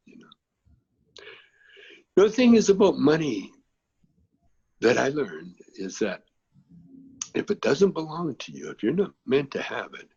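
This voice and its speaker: A man's voice: on the low side, a little mellow, slightly rough, lo-fi sound. A man being interviewed who tells long, rambling stories in a laid-back way, with plenty of filler phrases. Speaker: guest, actor and comedian.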